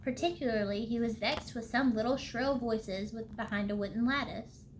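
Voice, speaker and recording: A woman reads a storybook aloud for a library storytime. Her voice sits a little high and the pace is unhurried, with small slips and the odd throat-clearing. A faint hiss runs underneath.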